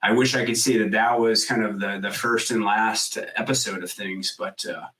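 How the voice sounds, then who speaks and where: A man's voice: lowish voice, moderate pace, distant mic, rough recording. Guy in his 30s telling a wild story on a podcast, keeps saying like, swears a lot, sits a little back from the mic. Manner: animated storyteller, acts out quoted voices loudly; frequent "like" fillers, swears casually. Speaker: podcast guest. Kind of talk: storytelling in a casual interview.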